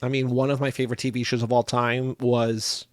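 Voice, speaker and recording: A male podcast host who talks very fast, tossing off quick jokes in casual banter. His voice sits at a middle pitch and comes across close and dry, with no room sound. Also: little pitch movement, no echo. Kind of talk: casual chat.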